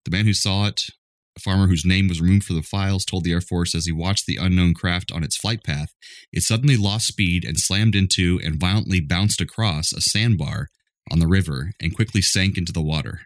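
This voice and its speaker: A man with a very low, deep voice co-hosts a casual podcast, recorded close and dry. He laughs a lot and drifts between reading a report and joking about it. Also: fairly quick, dry recording. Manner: laughs often, reads out a report then riffs on it. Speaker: podcast co-host. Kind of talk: casual chat.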